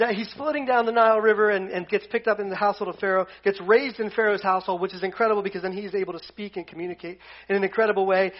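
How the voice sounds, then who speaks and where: High-voiced man teaching a casual Bible lesson. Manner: chatty, joking, retells scripture in slang. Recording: dull lo-fi sound.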